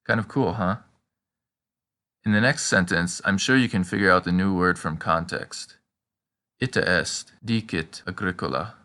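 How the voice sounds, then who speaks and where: Male teacher for a scripted lesson, bright and forceful tone, slows down for the examples. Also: low voice. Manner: prompting the listener with questions and pauses. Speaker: language teacher.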